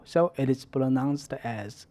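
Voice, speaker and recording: A man teaching a language lesson, explaining pronunciation rules slowly and modelling words for the listener to repeat. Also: medium pitch, dark tone. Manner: slow, careful delivery, modelling words for repetition. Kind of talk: slow instructional explanation.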